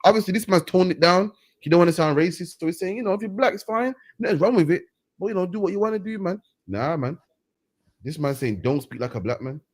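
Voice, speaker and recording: A man's voice: high-pitched, expressive, fast talker, darkish tone. A man hosting a reaction commentary, heated and mocking, ending phrases with "man". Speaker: host. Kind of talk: street preaching reaction commentary.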